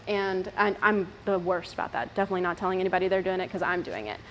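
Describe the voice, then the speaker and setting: A woman's voice: mid-range voice, quick pace, hardly any pauses, fairly bright tone, a little hiss or hum. A woman in her thirties giving a chatty talk to a group of mothers, laughing often and using many fillers. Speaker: speaker at a moms' group. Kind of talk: casual talk to an audience.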